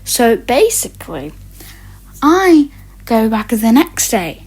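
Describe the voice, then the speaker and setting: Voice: mid-range voice, big pitch swings, takes it slowly, a little mellow, breathy edge. A teenager telling stories in a rambling rant, swearing often and stumbling over many fillers and restarts. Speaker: vlogger. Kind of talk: ranting storytime.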